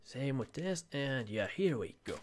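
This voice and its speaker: A man's voice: mid-range voice, big pitch swings, unhurried, a little hiss or hum. A man giving casual, joking let's-play commentary as he plays, swearing freely. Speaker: gaming channel host.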